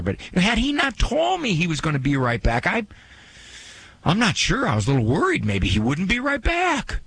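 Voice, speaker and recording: A man's voice: fairly high pitch, huge pitch swings, normal speed, a bit bright, breathy edge, no room sound. A man hosting a radio talk show, chatting in a joking, self-mocking way and acting out little quoted asides. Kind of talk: casual radio monologue.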